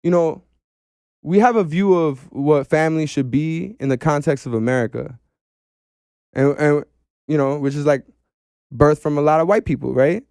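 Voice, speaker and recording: A man talking casually as a podcast guest, animated and slangy, saying "bro" often. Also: on the high side, moderate pace, creaky, long pauses, smooth, dry recording, clean studio sound.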